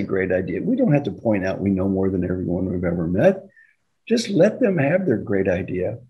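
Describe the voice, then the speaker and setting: An older man coaching on leadership, telling anecdotes with a lively, swooping pitch. His voice is dark and mellow, and he acts out both sides of the conversations he recalls. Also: fairly quick. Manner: animated, acts out dialogue with laughs. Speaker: executive coach. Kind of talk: storytelling leadership talk.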